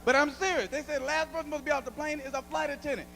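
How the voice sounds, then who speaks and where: A man performing a stand-up comedy routine on a club stage, an animated storyteller who often shouts. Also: very high voice, very fast, creaky, slight background noise.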